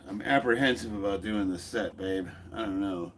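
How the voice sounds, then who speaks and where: Blunt joking man, forties, lowish voice, home garage gym, faint background hum. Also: moderate pace. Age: 40s. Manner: blunt, joking, laughs often, swears freely. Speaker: fitness YouTuber. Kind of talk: casual chat while lifting in a garage, reading comments aloud.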